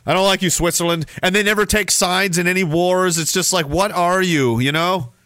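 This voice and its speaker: A man hosting a livestream, reading chat and ranting in a sarcastic, profane way, dropping to mumbles and rising to loud outbursts. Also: high voice, normal speed, no echo, clean studio sound.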